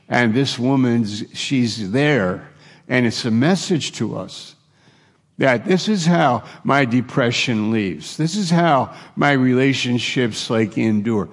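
A man's voice: mid-range voice, vocal fry, long reverb tail. A man preaching a sermon earnestly, acting out the dialogue of Bible figures and restarting his phrases often.

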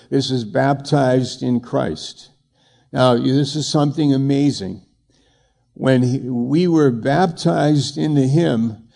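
A man's voice: mid-range voice, gravelly, dark tone. An older man, a pastor, preaching a conversational sermon and acting out bits of dialogue.

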